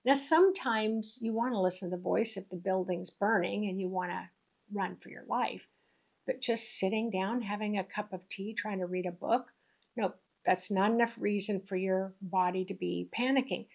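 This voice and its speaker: A woman spiritual teacher talks through her lesson in an easy, conversational manner. She circles back and repeats key lines to drive them home. Her voice sits at a middle pitch. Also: normal speed, gravelly. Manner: conversational, repeats points for emphasis. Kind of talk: casual spiritual teaching monologue.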